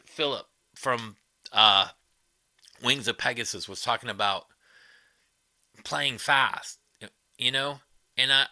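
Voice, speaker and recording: A man's voice: mid-range voice, bright, forceful tone, no room sound. A man hosting a casual livestream, chatting with viewers and giving blunt, profane opinions. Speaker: livestream host. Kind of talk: casual livestream chat, reading viewer comments.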